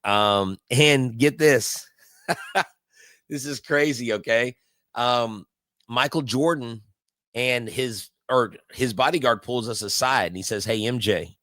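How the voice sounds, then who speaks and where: A man's voice: mid-range voice, slow pace, a bit bright, no room sound. A man hosting a casual live baseball watch-along, telling stories in a rambling way full of fillers and restarts. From Houston area. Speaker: live stream host.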